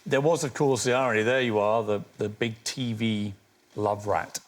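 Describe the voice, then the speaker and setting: A man's voice: fairly low pitch, fairly even intonation, normal speed. A man hosting an interview show, asking probing questions with wry, teasing remarks.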